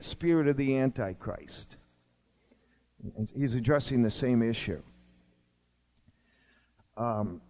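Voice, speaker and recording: This is a longtime pastor, a man in his sixties, giving a sermon. His delivery is emphatic, shifting from urgent, lifted passages to hushed, low-voiced asides.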